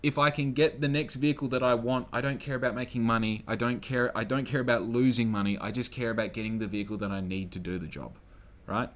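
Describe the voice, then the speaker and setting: A young Australian man hosting a solo podcast, telling a long story in a loose, swearing, animated way and acting out the people he quotes. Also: medium pitch, quick pace. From Western Australia. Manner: swears freely, acts out quoted people, gets loud when excited. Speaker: podcast host.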